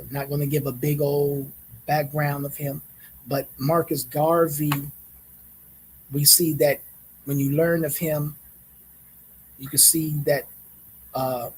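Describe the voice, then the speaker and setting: A man hosting a reflective monologue, speaking in a measured way, repeating phrases and often checking in with "right?". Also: mid-range voice, slight background noise, poor audio. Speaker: host.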